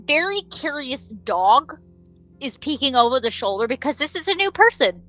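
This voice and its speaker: Lively, bright-voiced woman game master. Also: high voice, moderate pace, lo-fi sound, faint music behind. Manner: lively, laughs often, animated narration. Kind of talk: narrating a tabletop role-playing game.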